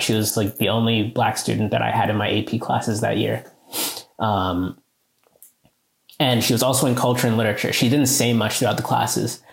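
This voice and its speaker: A male teacher earnestly telling a story in a conversation, growing animated as he recounts a moving moment. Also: vocal fry, roomy sound. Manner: earnest, animated, rises in pitch when moved. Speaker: high school teacher, guest.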